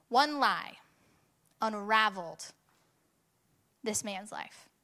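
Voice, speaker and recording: A young woman preaching a sermon, telling a personal story in an animated way and rising to bursts of intensity. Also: on the high side.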